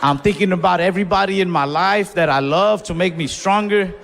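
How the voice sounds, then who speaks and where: A young man doing stand-up, telling a story in a relaxed, profane way and acting out his own yells on a club stage. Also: high-pitched, brisk, vocal fry, a little hiss or hum. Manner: laid-back, profane, acts out his own shouts. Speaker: stand-up comedian. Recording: live room with long reverb.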